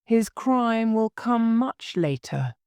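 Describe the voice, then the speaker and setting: A fussy, scatterbrained old queen from a storybook, put on by a woman reading aloud. She speaks in a high, fluttery voice with wailing cries and keeps an unhurried pace. The recording is close and dry. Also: animated, a little mellow, clean tone, dry recording.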